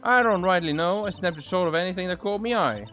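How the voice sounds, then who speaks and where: A man putting on a loud, folksy gal photographer. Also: high voice, fast, soft background music, pitched above the performer's own voice. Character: brash young female photographer, pushy.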